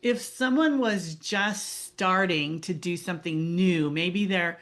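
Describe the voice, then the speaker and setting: Slow-speaking woman interviewer. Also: lowish voice. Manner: affirming, attentive. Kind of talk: conversational interview.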